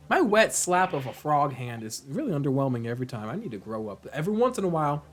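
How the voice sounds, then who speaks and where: Animated, goofy man playing a game. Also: on the high side, quick pace, hardly any pauses, soft background music. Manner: animated, goofy, rambling asides. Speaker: let's play host. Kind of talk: casual gaming commentary.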